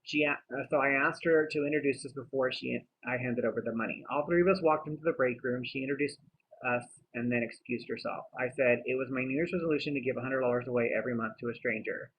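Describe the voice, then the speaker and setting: A man's voice: mid-range voice, quick pace, a bit bright. A man narrating his own vlog like a diary, chatty, with wry asides to the viewer. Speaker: vlogger narrating his giveaways. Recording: tinny phone-like audio with faint hiss.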